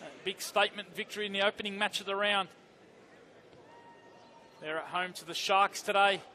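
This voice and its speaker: A man giving live football commentary from a stadium, rattling through fixtures and then shouting out the big moments. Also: high voice. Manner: fast excited play-by-play, shouting at big moments.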